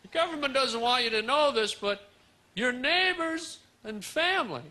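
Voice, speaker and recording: A man doing a stand-up comedy set on a club stage, animated and teasing the crowd. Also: very high-pitched, normal speed. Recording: live club recording, audience laughter and noise.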